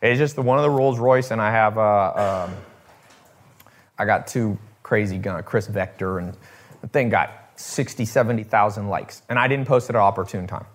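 A man's voice: on the low side, normal speed. A man hosting a casual talk to his viewers, rambling with restarts and swearing, acting out the people he quotes. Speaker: host.

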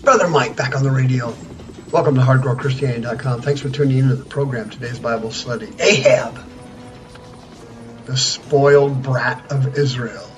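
A man's voice: medium pitch, normal speed, faint music behind. A man in his sixties giving a folksy, rambling radio Bible study as preacher and counselor. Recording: dull lo-fi radio sound.

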